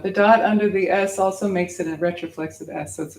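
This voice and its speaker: A woman's voice: medium pitch, fairly even intonation, a little mellow, reverberant, a little hiss or hum, rough recording. A woman meditation teacher patiently guiding a class through Sanskrit mantra pronunciation and breathing. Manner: patient, demonstrates sounds, chants syllables slowly.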